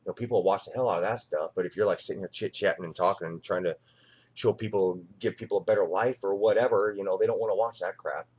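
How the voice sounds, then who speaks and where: A middle-aged man with a fairly low voice talks loosely on a home live stream. He rambles, swears freely and jumps between thoughts. He falls into quick, heated voices whenever he retells what someone said. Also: darkish tone, breathy edge. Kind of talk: casual live-stream chat.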